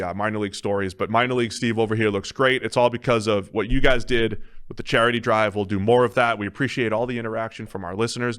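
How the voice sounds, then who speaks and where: A man's voice: fairly low pitch, a bit bright, clear, resonant tone. A man hosting a podcast in casual banter, telling a long anecdote and laughing through it. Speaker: podcast host.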